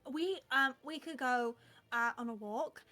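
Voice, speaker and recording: A woman voicing an excitable little fairy girl who squeals and pleads in rapid bursts during a tabletop game. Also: high voice, faint music behind. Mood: eager.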